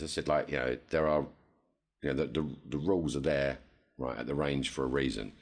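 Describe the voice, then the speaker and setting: A very deep-voiced man tells a rambling story on a casual podcast. He is animated and jumps sharply higher whenever he quotes someone. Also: fairly quick. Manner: animated, jumps to high pitch when quoting others. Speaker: podcast co-host.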